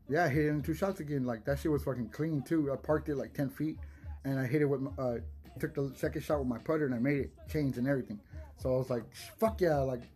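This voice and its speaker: A young man rambles through his podcast in a loose, unpolished way, swearing freely and chuckling between thoughts. His voice sits at an ordinary middle pitch, and faint music plays softly behind him. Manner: rambling, swears a lot, laughs often, restarts words. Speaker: podcast host. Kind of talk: casual solo podcast chat.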